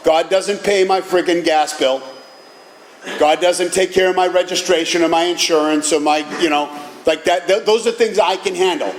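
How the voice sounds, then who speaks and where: A middle-aged man giving an animated personal talk at a recovery meeting, telling stories with casual profanity. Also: sits high, slight background noise. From Boston area, USA. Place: meeting hall. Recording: echoey hall with faint ambience.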